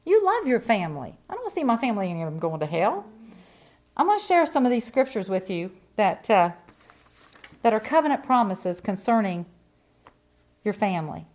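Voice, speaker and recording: A middle-aged woman preaching a sermon with fervent conviction, swinging from quiet reflection to loud emphatic bursts. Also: mid-range voice, sing-song, a little fast, pauses often.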